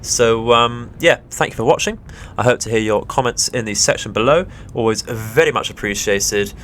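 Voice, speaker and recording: A man's voice: medium pitch, normal speed, a bit bright, slight background noise. A young Englishman hosting a let's play, commenting casually on the game with lots of hesitant fillers. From England. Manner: chatty, hesitant with many fillers, bursts of delighted laughter.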